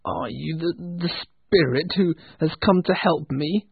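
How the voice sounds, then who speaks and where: A man voicing a fearful old miser, his voice pushed strained and high. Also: very animated, slow pace, a little hiss or hum, heavily acted. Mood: nervous. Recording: tinny phone-like dry sound.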